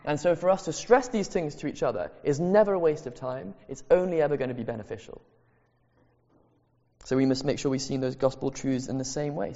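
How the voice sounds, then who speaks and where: A man's voice: medium pitch, dark tone. Man, pastor, sermon, earnest, repeats phrases for emphasis, reverberant church, muffled lo-fi sound. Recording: echoey hall, dull lo-fi sound.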